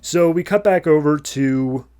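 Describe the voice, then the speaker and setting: A man co-hosting a podcast, loosely recapping a comic issue in a chatty, filler-heavy way with quick paraphrased character asides. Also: on the high side, dark tone, clean tone. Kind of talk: casual comic-book recap.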